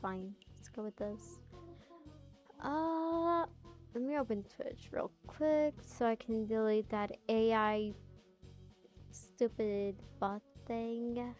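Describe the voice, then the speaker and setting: A woman's voice: fairly high pitch, slow, darkish tone, faint music behind. A woman streaming a game, chatting casually, laughing and teasing as she plays.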